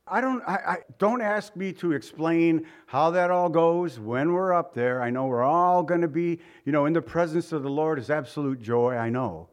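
A man's voice: on the high side, lively intonation, normal speed, few pauses. A man preaching a sermon in a conversational way, asking the congregation rhetorical questions and stumbling over his words now and then. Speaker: pastor.

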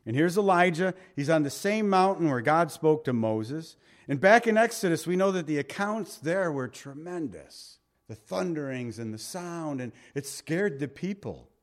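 A man preaching a sermon, swinging between loud emphatic lines and hushed soft ones. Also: a little high, animated, moderate pace. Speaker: pastor.

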